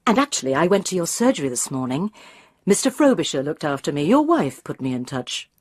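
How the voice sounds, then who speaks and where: A woman's voice: sits low, sing-song, fairly quick, breathy edge, no room sound, studio quality, full character voice. A woman doing a tentative easygoing lady. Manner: tentative, gentle.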